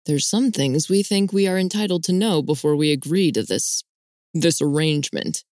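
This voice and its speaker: A woman's voice: lowish voice, expressive, moderate pace, a little mellow, no room sound, studio quality, close to an everyday voice. A woman reading aloud voices a wary man of about thirty who talks through gritted teeth. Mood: tense. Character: wary, tense man around thirty, overprotective brother.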